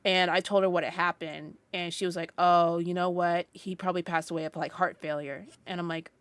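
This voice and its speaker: Low-voiced young woman telling a story. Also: fairly even intonation, fairly quick, clean tone, no room sound. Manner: rambling storytelling with many "like" fillers and restarts. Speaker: podcast co-host. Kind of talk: casual podcast chat.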